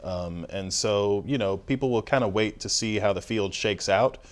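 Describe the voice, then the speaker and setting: A man who is a state representative, weighing his words on a political panel. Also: lowish voice. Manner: measured, hedging.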